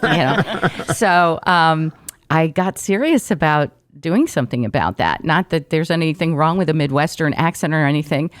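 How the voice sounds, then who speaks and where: Middle-aged woman, radio pro, low voice, close dry studio mic, warm anecdotal guest. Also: lively intonation, moderate pace, no room sound. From Brazil. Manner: warm, storytelling, laughs often, trained radio delivery. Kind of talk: casual interview chat.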